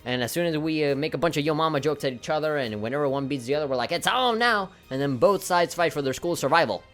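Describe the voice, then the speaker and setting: A man's voice: a little high, fast talker, faint music behind. A man commentating a video game as its host and reading its text aloud, breaking into giggly, apologetic laughing fits. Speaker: let's play host.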